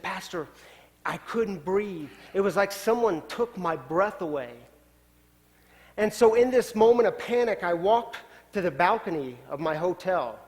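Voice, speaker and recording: A male pastor telling a story in a sermon, swinging from loud, urgent lines down to quiet, hushed ones. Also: high voice. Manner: dramatic shifts from loud to hushed. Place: church sanctuary. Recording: long church hall reverb.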